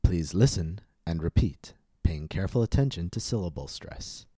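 A man teaching English pronunciation in a scripted podcast lesson, speaking slowly and carefully enunciating. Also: sits low, lively intonation, warm tone, slightly rough, dry recording, studio quality.

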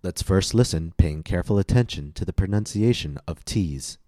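A man giving a scripted pronunciation lesson as a coach, speaking slowly and enunciating carefully. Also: low-pitched, animated, dark tone, dry recording, clean studio sound. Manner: slow, careful, clearly enunciated. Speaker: accent coach.

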